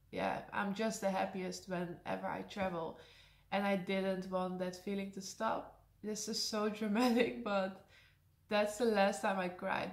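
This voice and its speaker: A young adult woman whose first language is Dutch, chatting candidly in a Q&A vlog and hesitating with fillers now and then. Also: medium pitch. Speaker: vlogger. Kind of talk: casual Q&A vlog. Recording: echoey room.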